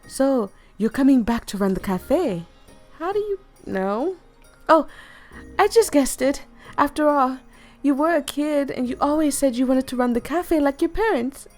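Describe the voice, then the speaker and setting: A woman's voice: high voice, lively intonation, a little slow, faint music behind, pitched above the performer's own voice. A woman voicing a cheerful, evasive older female shopkeeper in a put-on Jamaican British accent. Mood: warm, fond.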